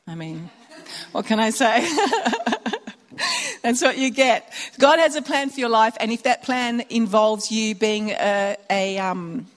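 A woman giving an informal sermon to mothers, chatty and animated, telling stories with acted-out dialogue. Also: a little high. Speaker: speaker at a Christian women's or mothers' gathering. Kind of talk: informal sermon with personal anecdotes.

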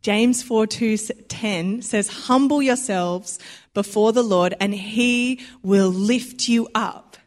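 A woman's voice: on the high side, slow pace, a little mellow. A young Australian woman giving a sermon in a chatty, conversational way, acting out little quoted voices and laughing easily. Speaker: preacher.

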